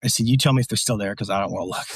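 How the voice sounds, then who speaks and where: A man's voice: lowish voice, very fast, fairly bright tone, breathy edge, dry recording. A man, a military veteran guest, telling a story casually in a blunt, profane, rambling way with lots of fillers.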